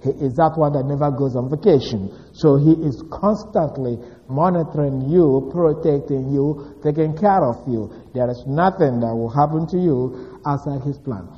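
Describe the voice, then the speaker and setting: A male pastor giving a sermon recap, deliberate with frequent fillers, rising in emphasis on key words. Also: a little high. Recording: dull reverberant hall.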